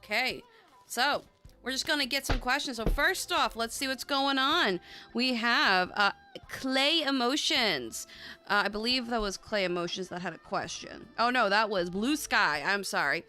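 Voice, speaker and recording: A woman's voice: fairly high pitch, a little slow, bright, forceful tone, soft background music. A chatty woman hosting a casual tarot livestream, bubbly and swearing freely. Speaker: tarot reader and livestream host.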